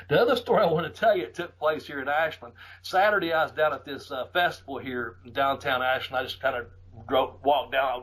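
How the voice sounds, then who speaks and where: A middle-aged man, a podcast host casually telling profane, animated stories and laughing often. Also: mid-range voice, low-quality recording. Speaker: podcast host and former wrestler. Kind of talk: casual storytelling.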